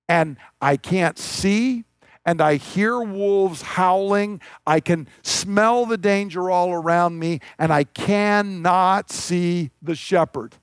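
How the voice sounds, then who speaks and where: A man's voice: sits high, no room sound. A man preaching a sermon as pastor, earnest and conversational, building emphasis as he explains scripture.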